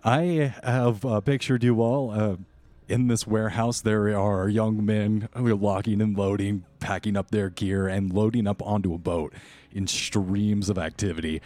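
Low, mellow-voiced male game master. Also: steady tone, no room sound. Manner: measured narration with frequent fillers. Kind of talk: narrating a tabletop game.

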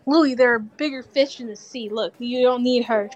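A woman's voice: on the high side, moderate pace. A woman playing a tabletop game, pushy and persuasive, on a dull lo-fi mic. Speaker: player.

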